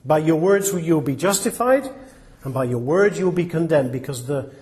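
A man's voice: on the high side, expressive, normal speed, darkish tone. A man preaching a sermon in an earnest, plain-spoken way, asking his listeners rhetorical questions. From England.

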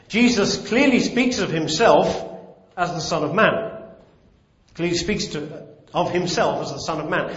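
A man's voice: high voice, fairly bright tone. A man preaching a sermon and reading scripture, emphatic and repeating key phrases for weight. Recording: roomy, dull lo-fi sound.

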